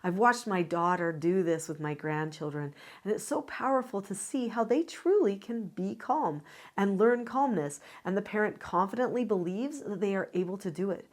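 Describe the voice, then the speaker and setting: Brief: older woman parenting teacher, earnest, demonstrative, mid pitch. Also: animated, normal speed. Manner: earnest, demonstrative, acts out voices as examples. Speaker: parenting educator. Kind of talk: direct-to-camera teaching.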